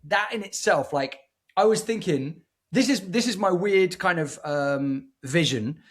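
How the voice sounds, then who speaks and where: A man co-hosting a casual movie review podcast, talking in an excitable, effusive way with frequent restarts. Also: high-pitched, a little slow. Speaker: podcast co-host.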